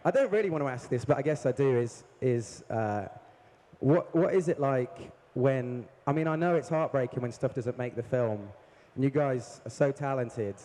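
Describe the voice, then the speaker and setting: A man's voice: mid-range voice, normal speed, dark tone. Joking man at an echoey hall mic. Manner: joking, laughing. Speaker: film director. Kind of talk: self-deprecating panel question. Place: large convention hall with audience. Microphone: handheld audience mic.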